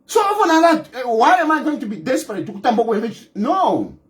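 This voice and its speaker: High, lively Zambian man ranting. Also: fairly quick. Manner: forceful, repetitive, breaks into scornful laughs. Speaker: political commentator. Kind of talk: impassioned political monologue.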